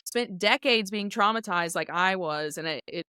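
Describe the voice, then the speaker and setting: A woman from Memphis, a guest on a podcast, talks through her experiences frankly and with wry humour. Her tone is bright and clear, sitting in a mid pitch. The sound is close and dry. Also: normal speed, no echo. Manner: reflective, candid, self-deprecating. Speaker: guest author and speaker. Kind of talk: casual interview chat.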